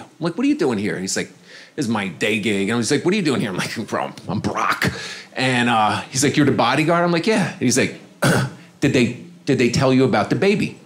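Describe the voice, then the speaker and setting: Man, stand-up comedian, conversational storytelling, club stage, handheld mic. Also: fairly bright tone. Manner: conversational, acts out other people's lines in a low voice.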